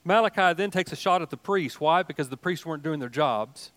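An older male pastor delivers a sermon in a folksy, animated manner. He mixes humorous asides into his teaching, and his voice sits a little higher than most men's. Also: a little fast.

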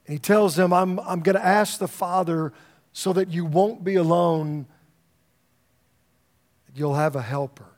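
A middle-aged pastor preaches in a conversational, storytelling style, often repeating words as he begins a thought. His voice sits high, and he talks a little slowly with frequent pauses.

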